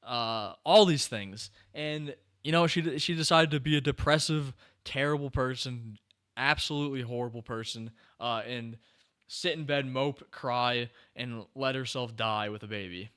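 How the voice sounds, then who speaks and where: Bright, crisp-voiced man rambling on a podcast. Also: mid-range voice, moderate pace. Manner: rambling, animated, lots of fillers and restarts. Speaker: podcast host. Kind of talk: casual podcast chat.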